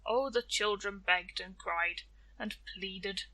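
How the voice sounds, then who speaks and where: Slow, bright-voiced woman storyteller. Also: mid-range voice, rough recording. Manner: gentle, deliberate storytelling. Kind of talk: folktale narration.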